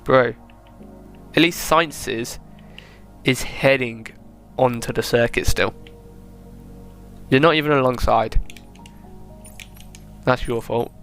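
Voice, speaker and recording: Gravelly guy commenting on a race replay. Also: medium pitch, a bit bright, faint music behind. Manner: chatty, thinking aloud, quick self-corrections. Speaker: gaming video creator. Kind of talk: casual game replay commentary.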